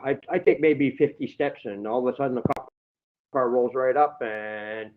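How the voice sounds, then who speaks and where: A man's voice: mid-range voice, normal speed. Man, aggrieved, swears constantly, rambling, muffled lo-fi audio. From Canada. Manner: rambling, heavily profane, aggrieved. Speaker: guest telling his story. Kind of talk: casual livestream chat.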